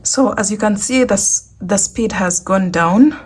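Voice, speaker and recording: A woman's voice: medium pitch, measured pace, slightly rough. A woman hosting a crochet tutorial, talking casually and walking through each step, often repeating herself. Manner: chatty, repeats instructions.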